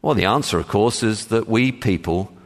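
A man preaching a sermon as pastor, measured and emphatic, with frequent pauses and "uh" fillers. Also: lowish voice. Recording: long reverb of a large hall.

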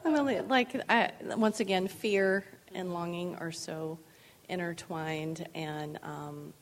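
A middle-aged woman telling her own faith story in a candid, conversational way. She is earnest, often laughs, and at times drops into a hushed voice. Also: on the low side, slow pace, slight background noise.

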